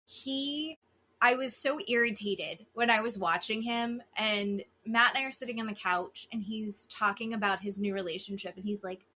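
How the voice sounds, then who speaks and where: Her voice sits fairly high and moves at a moderate pace. Co-hosting a podcast, she chats casually but bluntly, swears freely, and animatedly mimics the people she quotes.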